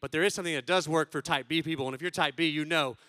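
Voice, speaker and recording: A man in his thirties doing stand-up, telling stories as a father and acting out loud quotes between hushed asides. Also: on the high side, steady tone, rapid-fire, no echo, clean studio sound. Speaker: stand-up comedian. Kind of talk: stand-up storytelling.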